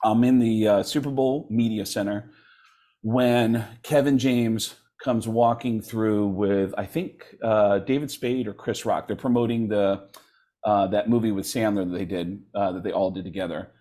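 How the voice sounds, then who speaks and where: A middle-aged man, a comedian guest in an interview, telling stories with lively energy and acting out the voices of people in them. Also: lowish voice, measured pace. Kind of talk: animated storytelling in an interview.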